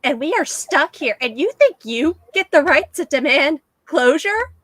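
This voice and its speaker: A woman's voice: sits high, big pitch swings, a little slow, a bit bright, no echo, voice pushed up, heavily acted. A woman voicing the ghost of an older girl, screaming in fury. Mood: furious screaming. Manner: screaming, furious. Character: angry dead girl ghost, older child.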